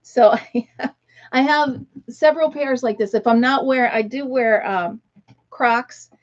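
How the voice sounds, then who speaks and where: A woman's voice: on the high side, measured pace, muffled recording. A middle-aged woman from the United States hosting a casual livestream chat, talking easily, laughing often and greeting viewers by name. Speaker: livestream host.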